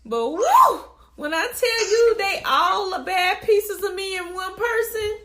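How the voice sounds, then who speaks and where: A woman's voice: extremely high pitch, very animated, unhurried, a bit bright. A woman in her forties co-hosting a podcast, talking in casual chat with blunt, profane humor. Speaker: podcast co-host. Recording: echoey room.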